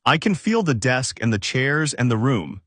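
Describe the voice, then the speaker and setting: A man voicing a curious, earnest teenage boy wizard, speaking quietly and sincerely in a plain storybook reading. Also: mid-range voice, big pitch swings, normal speed, no room sound.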